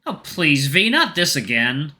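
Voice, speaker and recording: A shy, modest male coyote speaks a little high and a touch sheepish, played by a man. His voice is bright and lively. He sounds bashful. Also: measured pace, exaggerated voice.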